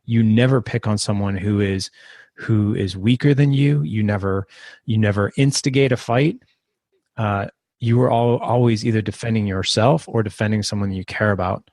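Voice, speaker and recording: Low-voiced man telling a story. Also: normal speed, no room sound, studio quality. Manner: rambling, restarts, animated when quoting. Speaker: podcast guest. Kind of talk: casual storytelling interview.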